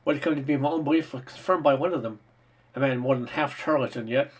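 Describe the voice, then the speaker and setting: Brief: a man playing an ageless knight, worn and reserved, husky and calm, audiobook reading. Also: medium pitch, fast, natural voice. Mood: reflective.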